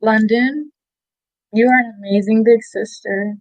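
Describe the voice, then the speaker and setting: A woman in her thirties giving tearful, heartfelt shout-outs in an interview, halting with many fillers. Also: fairly high pitch, steady tone, dry recording, poor audio. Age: 30s. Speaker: interview guest.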